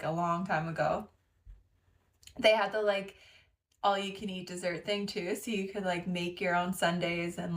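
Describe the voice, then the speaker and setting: A woman's voice: lowish voice, fairly bright tone. A young woman from Canada hosting a livestream, telling a story with lots of giggling and thanking viewers between lines. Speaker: livestream host. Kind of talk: casual livestream chat.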